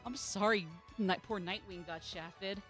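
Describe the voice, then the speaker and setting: A woman's voice: medium pitch, a little slow, a bit bright. Woman streamer rambling about a game, chatty and joking, faint music in the back. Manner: chatty, self-deprecating, laughs often. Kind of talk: casual gaming stream chat.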